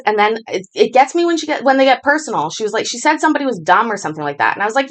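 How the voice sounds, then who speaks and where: A woman's voice: mid-range voice, animated, fast. A woman hosting a casual chat, telling rambling stories with lots of swearing. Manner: rambling, profane storytelling. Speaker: stream host reacting to clips.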